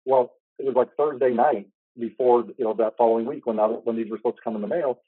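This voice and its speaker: Give me a man, host of an interview, telling a rambling personal story fast over a tinny call line. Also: mid-range voice, fairly even intonation, no room sound. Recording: tinny phone-like line, dry.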